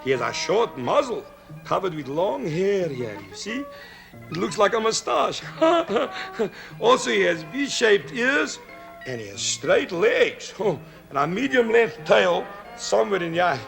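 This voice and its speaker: A man's voice: high-pitched, very animated, measured pace, vocal fry, fairly bright tone, faint music behind, full character voice. An actor playing a jokey, dog-loving pet expert in a 1970s children's TV sketch, folksy and chuckling at his own jokes. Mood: chatty. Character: chatty male pet expert, jokey, fond of dogs.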